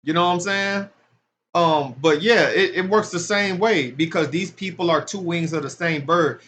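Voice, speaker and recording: High-voiced man preaching with fervor. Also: moderate pace, a bit bright, slight background noise. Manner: street-talk, rising to emphatic preaching. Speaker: religious commentator. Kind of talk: impassioned casual commentary on scripture.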